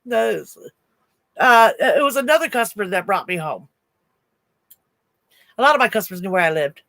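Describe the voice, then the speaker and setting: Woman in her sixties, livestream host, laughing storyteller, bright tone, dry sound. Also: medium pitch, animated, moderate pace, no echo. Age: 60s. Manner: chatty, laughs often, answers chat comments. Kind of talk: casual storytelling to a live chat.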